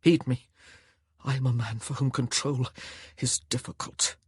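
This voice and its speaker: A man voicing a brooding, volatile nobleman who speaks low and strained, breaking into forceful outbursts. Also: fairly even intonation, measured pace, husky, dry recording, studio quality. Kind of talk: audiobook character voice.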